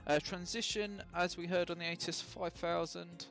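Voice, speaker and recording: A man's voice: sits high, flat delivery, normal speed, creaky, a bit bright, soft background music. A man casually talking through his flight sim setup on a live stream, chatty and full of ums and self-mocking jokes.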